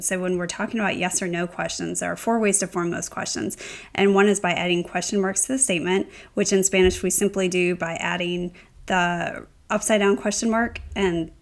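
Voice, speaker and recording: A woman teaching a tutorial, explaining step by step with frequent ums and self-corrections. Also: fairly low pitch. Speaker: Spanish teacher. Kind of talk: instructional tutorial.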